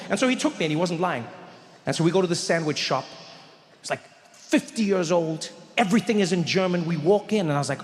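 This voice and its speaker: A man telling a story in stand-up, animated and acting out every character on a live comedy stage. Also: on the high side, brisk, a little hiss or hum. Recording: echoey hall, live venue.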